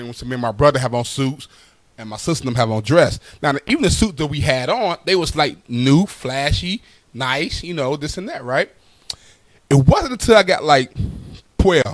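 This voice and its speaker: A male comedian telling a stand-up story, animated and full of repeated asides. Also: medium pitch, dry recording.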